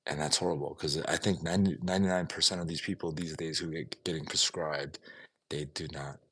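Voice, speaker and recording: A man's voice: extremely low pitch, fairly even intonation, fairly quick, fairly bright tone, husky. A man ranting in an opinionated, casual way on a livestream, swearing now and then. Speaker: livestream vlogger.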